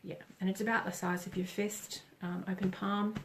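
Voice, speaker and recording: A middle-aged woman doing a live oracle reading, speaking gently with pauses and self-corrections. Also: mid-range voice, flat delivery, slight background noise. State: tearful. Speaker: psychic reader on a live stream.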